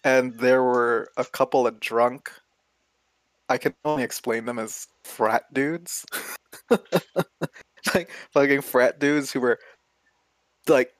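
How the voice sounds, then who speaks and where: A man in casual chat who tells a long story full of swearing and laughter. His voice sits at a middle pitch. He sounds close and dry, with no room sound around him. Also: dry recording. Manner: profane, rambling, laughs as he talks.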